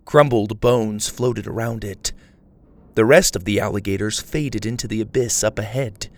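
A man narrating an adventure story in a steady, descriptive reading style. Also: lowish voice, moderate pace. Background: faint music.

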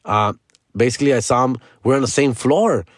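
SoCal comic in his thirties, slangy rambling storyteller, mid-pitched, dry close mic. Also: a little fast, no room sound. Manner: slangy, rambling, peppered with "dog" and "fool". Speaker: stand-up comedian telling a story. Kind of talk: casual storytelling.

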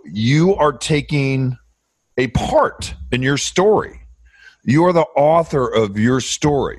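A man's voice: mid-range voice, dry recording. A middle-aged man hosting a casual interview, talking reflectively and often repeating words as he thinks. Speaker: podcast host.

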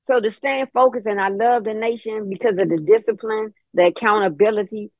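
A woman's voice: medium pitch, a little fast, hardly any pauses, darkish tone, dry recording. A woman calling in to a group call, speaking earnestly and repeating her key points. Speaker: caller.

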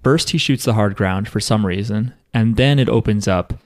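A speaker in casual conversation recapping an anime, animated and quick to act out characters' lines. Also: medium pitch, no echo, clean studio sound.

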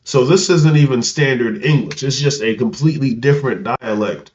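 A man on a casual podcast debate, animated and incredulous, often repeating words as he starts a point. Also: mid-range voice, moderate pace, lo-fi sound. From Africa. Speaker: podcast co-host.

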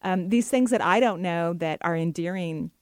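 A middle-aged woman hosting a talk radio show as a psychic medium, chatty and enthusiastic and quick to laugh. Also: lowish voice, no echo, clean studio sound.

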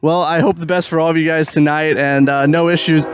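A man's voice: fairly high pitch, level tone, brisk, clean tone, dry recording. Chatty man interviewing a band. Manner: laughs easily, loose and chatty. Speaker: podcast interviewer. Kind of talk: casual interview.

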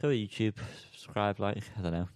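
Joking podcast host, low voice. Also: male voice, brisk, darkish tone, clean tone, dry recording, clean studio sound. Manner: joking, teasing, wraps up the show. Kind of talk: casual chat.

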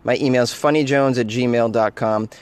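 A man's voice: medium pitch, steady tone, normal speed, clean tone. A man hosting a comedic weird-news podcast, reacting with incredulous laughter and riffing loosely between read-outs. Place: Los Angeles.

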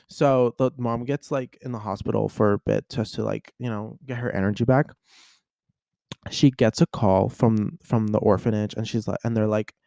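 A man's voice: mid-range voice, moderate pace, gravelly, dry recording, studio quality. A young man hosting a podcast, chatting casually and animatedly retelling a story, acting out the people in it. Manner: animated storyteller, acts out voices. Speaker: podcast host. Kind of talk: casual chat.

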